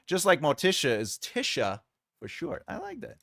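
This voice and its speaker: A man hosting a casual writing livestream, jokey and rambling, muttering softly to himself while he drafts. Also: high voice, wildly swooping pitch, normal speed, gravelly. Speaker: writer and livestream host.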